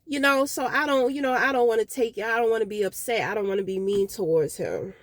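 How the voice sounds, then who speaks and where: A woman's voice: on the high side, fast talker, no room sound. A woman venting in a casual vlog outdoors, frustrated and rambling, swearing often. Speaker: vlogger.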